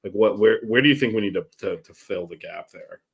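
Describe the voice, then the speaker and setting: A man's voice: lowish voice, brisk, slightly rough. A man hosting a casual sports chat, rambling with many fillers and restarts. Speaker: sports podcast host.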